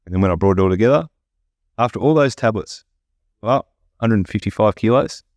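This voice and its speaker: Guy, very low voice, dry close sound, candid and foul-mouthed podcast guest. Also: animated, fairly quick, a little mellow, no echo. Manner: blunt, profane, candid storytelling. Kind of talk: casual podcast interview.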